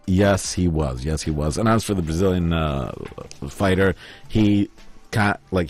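A man's voice: deep voice, darkish tone. A man from Oman who co-hosts a radio show, telling rambling anecdotes in a casual, chatty way with many fillers. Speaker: radio host.

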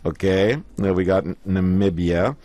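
Laid-back male radio host, lowish voice. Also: moderate pace. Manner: relaxed, chatty, counts down aloud. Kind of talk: casual radio chat and quiz.

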